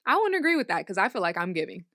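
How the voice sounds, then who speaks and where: A woman's voice: medium pitch, big pitch swings, bright, forceful tone, no room sound, studio quality. Chatty young woman guest. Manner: chatty, quick storytelling. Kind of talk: casual studio chat. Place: studio.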